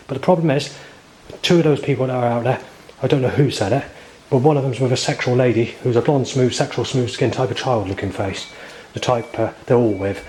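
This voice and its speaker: Brief: man in his 40s, lowish voice, agitated, ranting and swearing, loud street noise behind. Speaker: vlogger. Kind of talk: rambling spoken monologue.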